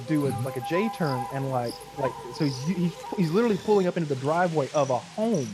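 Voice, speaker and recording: A man telling a story in casual chat, rambling, repeating words and laughing between lines. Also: on the high side. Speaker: streamer telling a story to co-hosts.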